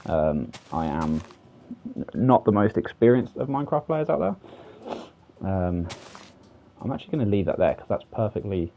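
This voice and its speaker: A man's voice: lowish voice, sing-song, normal speed, creaky, pauses often, dark tone, slight background noise. A British man streaming a building game, chatting casually with a self-deprecating, rambling manner and lots of fillers, recorded on a desk microphone. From United Kingdom. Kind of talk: casual gameplay commentary.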